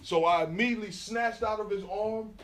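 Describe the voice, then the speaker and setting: A middle-aged man, telling stories in a slangy, animated way to a live audience. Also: sits high, a little fast. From New York. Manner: animated storyteller, slangy, addresses the crowd directly. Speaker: graffiti artist giving a live talk. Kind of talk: storytelling talk to a live audience. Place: event venue, indoors. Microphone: smartphone recording from the audience. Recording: roomy smartphone recording from far off.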